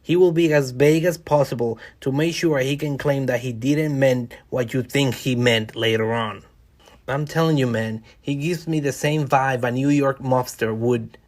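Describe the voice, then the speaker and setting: A man talking through a solo podcast episode in a relaxed, conversational way. His pitch sits in an ordinary middle range, and he speaks wryly while addressing listeners directly. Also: normal speed. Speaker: podcast host. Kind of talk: casual solo podcast monologue.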